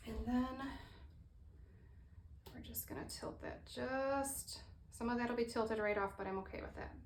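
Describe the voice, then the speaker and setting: A fairly high-voiced woman talks her way through a painting tutorial, thinking aloud and apologizing as she goes. Her voice bounces around a roomy studio. There is a faint hiss of ambient noise behind her. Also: measured pace. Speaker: fluid art painter demonstrating.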